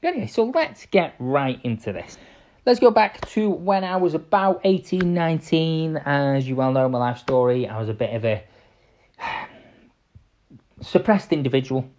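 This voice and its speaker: A man in his twenties hosting his own podcast, talking earnestly and directly, swinging between quiet asides and emphatic bursts. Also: a little high. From England. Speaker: podcast host. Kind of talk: solo podcast talk. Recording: slightly dull lo-fi sound.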